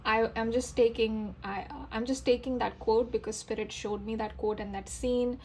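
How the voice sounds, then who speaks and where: Woman tarot reader, voice sitting a bit high, casual and gushing, faint ambience behind. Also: normal speed, a little hiss or hum, low-quality recording. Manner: chatty, talks straight to viewers, many fillers; excitable, voice rises with enthusiasm. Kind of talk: casual tarot reading to camera.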